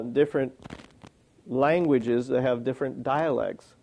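A man's voice: medium pitch, darkish tone. A man giving a sermon in a plain, conversational way, often asking rhetorical questions. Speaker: preacher.

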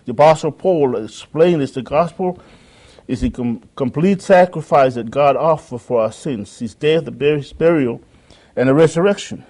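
A man's voice: on the high side, moderate pace, a little mellow. A man preaching a sermon in an earnest way, often repeating phrases and quoting scripture.

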